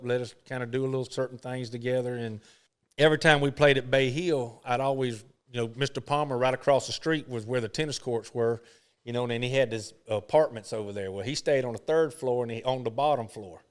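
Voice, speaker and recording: Brief: middle-aged golfer, smooth resonant voice, loose rambling storyteller. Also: male voice, medium pitch. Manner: folksy, rambling, lots of "you know". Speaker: professional golfer, interview guest. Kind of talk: casual storytelling interview.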